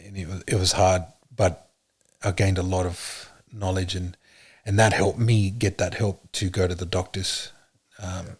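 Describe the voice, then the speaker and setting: A man, a podcast guest, telling his story in an earnest, halting way with many fillers. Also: sits low, flat delivery, slightly rough. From Australia. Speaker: podcast guest, police officer. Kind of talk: casual interview talk.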